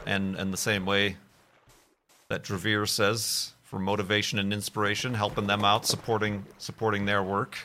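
A man's voice: on the low side, pushed and bright, a little hiss or hum. A man casually chatting with viewers as a streamer, answering their questions in a rambling, playful way. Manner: rambling, playful, full of restarts and asides. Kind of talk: casual chat.

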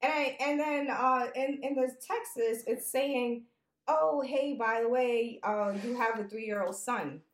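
A woman with a fairly high voice retells a dating story on a podcast, casual and animated. She acts out both sides of the dialogue with plenty of indignation. Her voice bounces around a roomy, echoey space. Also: unhurried. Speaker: podcast co-host.

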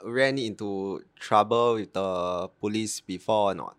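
A man's voice: fairly low pitch, steady tone, measured pace, clear, resonant tone, no echo. Laid-back Singaporean man in Singlish. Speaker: podcast co-host. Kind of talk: casual chat.

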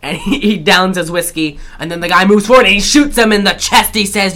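Bright-voiced woman rambling on a podcast. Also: medium pitch, steady tone, brisk. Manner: rambling, restarts, laughs often. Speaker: podcast co-host. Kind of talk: casual chat recapping a film.

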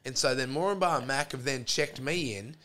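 A man's voice: mid-range voice, normal speed, fairly bright tone. A man with an Australian accent, a podcast guest telling crude, profane stories in casual chat and acting out both sides of the arguments.

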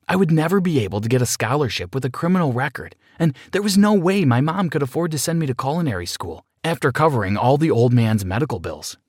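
A male narrator reading a dramatic first-person story with a lively, rolling melody in his voice. He sits at a middle pitch, and the recording is dry and close with no room sound. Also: no echo.

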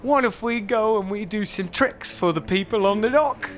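A man voicing a cheeky British man who drives a boat, with a put-on British accent and a silly, excitable delivery. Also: sits high, normal speed, noisy background, voice pushed up. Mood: scheming.

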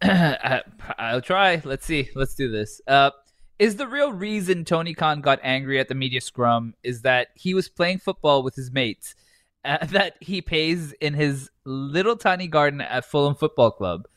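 A man co-hosting a casual podcast, laughing through his lines and swearing freely. His somewhat high voice swoops up and down a lot. The sound is dry and close. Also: lively intonation, unhurried, a bit bright, no room sound. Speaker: podcast co-host. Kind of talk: casual podcast chat and reading aloud.

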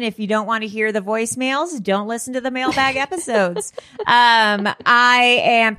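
Bright-voiced woman podcast co-host. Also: fairly high pitch, no echo, clean studio sound. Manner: chatty, quick reactions. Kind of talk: casual podcast chat.

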